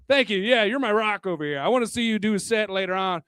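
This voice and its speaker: Tipsy male stand-up comic with a high voice, crude and rambling, chuckles at his own jokes into a dry handheld mic. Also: expressive, fast talker, a bit bright, smooth, dry recording. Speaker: stand-up comedian. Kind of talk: stand-up comedy set. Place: bar hosting a live comedy night. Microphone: handheld microphone.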